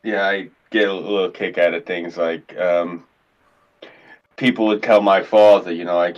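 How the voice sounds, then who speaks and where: With a deep voice, fairly even intonation, and measured pace, a man co-hosting a podcast rambles through profane stories and acts out the quotes. The conversation is casual, and the audio sounds dull.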